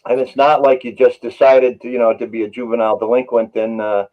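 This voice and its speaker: Brief: male paramedic guest, mid-pitch, earnest anecdotal storyteller, slightly muffled lo-fi recording. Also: little pitch movement, a little fast. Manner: earnest, anecdotal, many "you know" fillers. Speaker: paramedic and author, interview guest. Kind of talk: storytelling in a podcast interview.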